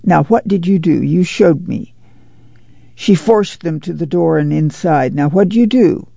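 A man voicing a brisk, gravelly farm mother. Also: fairly high pitch, dark tone, no echo, highs cut off, heavily acted. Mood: demanding. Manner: folksy rural drawl, brisk and commanding. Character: weary determined Dust Bowl mother, middle-aged woman.

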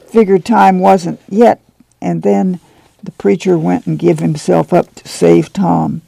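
A man's voice: high-pitched, little pitch movement, gravelly, mellow, no room sound, heavily acted. A man voicing a sorrowful, guilt-ridden farmer. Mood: sad. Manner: slow, sad, rural dialect.

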